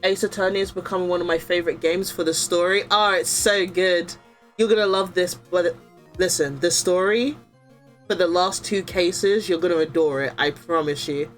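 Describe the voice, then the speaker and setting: A young adult woman streaming a game, chatting excitedly with her viewers and reading the game's dialogue aloud. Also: fairly low pitch, normal speed, faint music behind.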